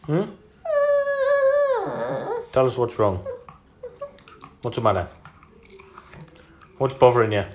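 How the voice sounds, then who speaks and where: A man's voice: mid-range voice, takes it slowly, long pauses, background noise. A man talking to his pet dog at home in a coaxing, sing-song tone. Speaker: pet owner.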